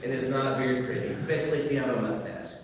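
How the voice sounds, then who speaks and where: A middle-aged man preaching a sermon as a pastor, telling a personal story and dropping to a hushed, soft voice at the sad parts. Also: medium pitch, steady tone, fast talker, a little hiss or hum. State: sick with a sinus infection. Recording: echoey hall, voice from far off.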